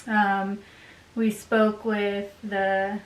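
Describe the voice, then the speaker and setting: An upbeat woman vlogger chats casually at home and laughs easily. Her voice sits at an ordinary pitch and comes from a little way off the mic. The room sounds echoey, with a faint hiss underneath. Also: flat delivery, very slow, far from the mic. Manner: chatty and upbeat, laughs often. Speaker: vlogger, bride. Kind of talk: casual chat to camera.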